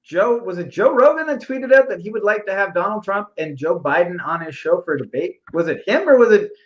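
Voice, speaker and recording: A man's voice: sits high, animated, brisk, lo-fi sound. A man co-hosting a podcast in casual chat, talkative and explaining at length. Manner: talkative, explaining, mock-quoting. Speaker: podcast co-host.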